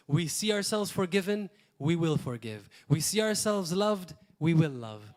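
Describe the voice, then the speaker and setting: A man from Malta preaching a sermon in a church, earnest, asking rhetorical questions and swinging between loud emphasis and quiet asides. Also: on the high side, lively intonation, normal speed. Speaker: pastor.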